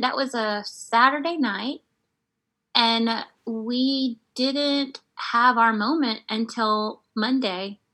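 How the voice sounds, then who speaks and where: A woman guest telling a personal story in a casual, animated way, laughing often and using lots of fillers. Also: a little high, poor audio. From United States.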